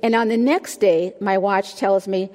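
Older woman, sermon speaker, warm self-deprecating humor, mid pitch, long hall reverb. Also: fairly even intonation, a little slow. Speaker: women's ministry speaker.

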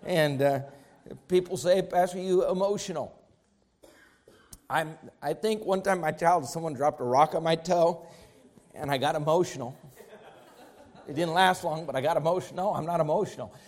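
A man's voice: a little high, moderate pace, pauses often, darkish tone. A man pastor preaching a sermon, with emphatic rising bursts, repeated phrases.

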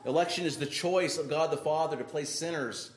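A man preaching a sermon, emphatic, often checking in with the congregation with a quick "right?". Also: on the high side. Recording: echoey room with faint noise.

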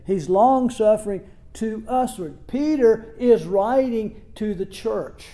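A man's voice: high-pitched, warm tone. A male pastor preaching a sermon in an earnest, emphatic way, often restarting phrases, and closing in prayer.

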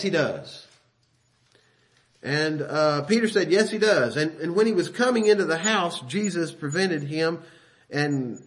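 A man's voice: on the high side, fairly bright tone. A man preaching a sermon in a folksy, conversational way, reading scripture aloud and breaking off into asides and self-corrections. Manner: reads King James scripture aloud with emphasis.

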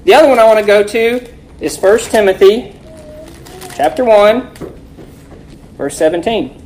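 A woman teaching a Bible lesson, reading scripture slowly and forcefully and quizzing her listeners with rhetorical questions. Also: medium pitch, lively intonation, rough recording.

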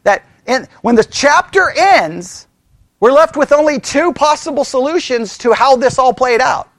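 A man's voice: very high voice, measured pace, dry recording, studio quality. A man leading a Bible study in a church, teaching in an informal, emphatic way and acting out voices as he goes. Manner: animated, emphatic, acts out voices.

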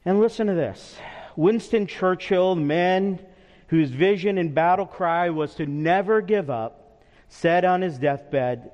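A man preaching a sermon as pastor in a church, earnest and measured, dropping softly when praying or recalling personal memories. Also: sits high. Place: church sanctuary. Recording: long hall reverb, dull lo-fi sound.

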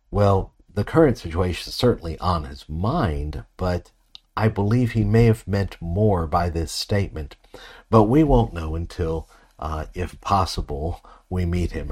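Low, husky-voiced man preaching. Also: a little mellow. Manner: measured, reflective, asks rhetorical questions. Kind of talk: expository sermon.

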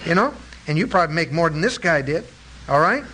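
A man preaching a sermon, emphatic, with drawn-out stresses and rhetorical questions to his listeners. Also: a little high, expressive, sharp tone, slight background noise, rough recording.

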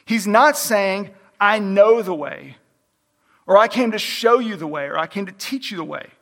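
Emphatic high-voiced male preacher. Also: expressive, normal speed, creaky, a bit bright, in a large hall. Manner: emphatic, repeats phrases for stress. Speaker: pastor. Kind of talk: sermon.

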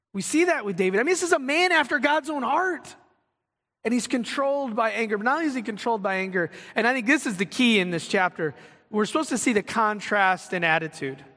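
A man preaching a sermon as pastor, reading scripture aloud and acting out quotes with animated emphasis. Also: high voice, in a large hall.

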